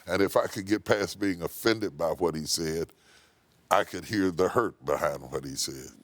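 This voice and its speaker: A man who is a bishop, speaking in a low, grounded voice. He tells his story with emphatic, preacherly force and leans hard on key words. The sound is close and dry, with no room around it. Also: moderate pace, no echo. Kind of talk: interview storytelling. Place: TV studio.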